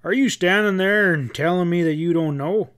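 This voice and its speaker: A grim, angry leader of a frontier posse, played by a man reading aloud speaks in blunt, threatening folksy words. The voice sits a touch high. It reads like a storybook western. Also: unhurried, lightly acted.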